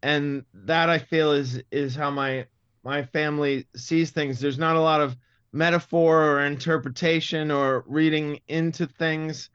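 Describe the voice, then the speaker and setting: A man's voice: fairly high pitch, steady tone, a little slow, a bit bright, smooth, dry recording, dull audio. A man in his fifties from Massachusetts, speaking in a neutral Midwestern-style American accent as an interview guest, thoughtful and full of stammering restarts. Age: 50s. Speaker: comedian guest. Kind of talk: interview conversation.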